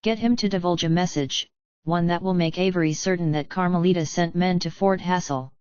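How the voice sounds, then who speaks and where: A woman reading the lines of a calm, scheming white-haired old man in an audiobook, in a gentle, measured way. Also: sits high, clear, resonant tone, dry recording, close to an everyday voice. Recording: dull, lo-fi, dry.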